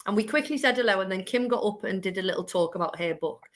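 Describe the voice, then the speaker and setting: A woman's voice: medium pitch, lively intonation, quick pace. A woman co-hosting a casual chat show, talking in a chatty, rambling way and laughing often. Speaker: co-host.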